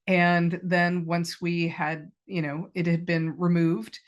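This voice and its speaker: A woman's voice: on the low side, level tone, takes it slowly, highs cut off. A woman in her fifties, a cancer patient, telling her personal story in an interview in a candid, reflective way, with many ums. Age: 50s. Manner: candid and reflective, with frequent fillers.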